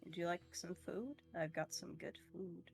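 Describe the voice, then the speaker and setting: A woman voicing an old male cat who coaxes gently in a soft, lowered voice. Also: moderate pace, creaky. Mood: coaxing. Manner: soft, coaxing, low-key.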